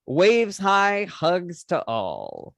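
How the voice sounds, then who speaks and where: High-voiced man reading donations. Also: wildly swooping pitch, extremely slow, creaky, no room sound, studio quality. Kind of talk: casual chat.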